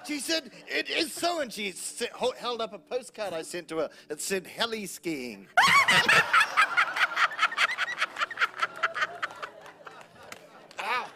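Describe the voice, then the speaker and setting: A man's voice: high voice, moderate pace, hardly any pauses, heavy background noise. A man in his fifties with a New Zealand accent, a pastor telling funny, teasing stories at a church service. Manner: jovial, animated, teasing anecdotes. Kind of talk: humorous storytelling at church service.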